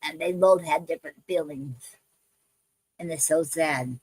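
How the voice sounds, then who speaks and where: A woman's voice: deep voice, a little slow, a little mellow, breathy edge, no echo, low-quality recording. A woman hosting a poetry livestream, chatting casually with many ums and restarts and calling her viewers family. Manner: affectionate toward viewers, calls them fam.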